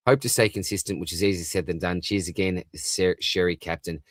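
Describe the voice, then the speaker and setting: A man's voice: low voice, steady tone, fairly quick, no room sound, studio quality. An Australian man hosting a live stream, chatting casually and upbeat as he reads out viewers' comments, laughing easily. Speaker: livestream host.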